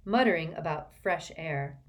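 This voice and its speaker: A woman narrating a storybook in an expressive reading style. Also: deep voice, measured pace. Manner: expressive, shifts voices for characters. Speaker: audiobook narrator.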